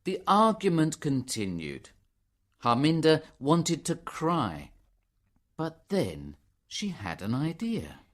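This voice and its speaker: Slow, expressive male story narrator. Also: a little high. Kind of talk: scripted narration for learners.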